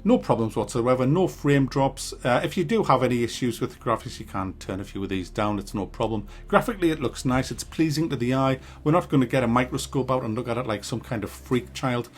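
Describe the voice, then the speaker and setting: A man talking through a game review in a casual, blunt way. He swears freely and rants at times, with a mid-pitched voice. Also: brisk, hardly any pauses, slight background noise.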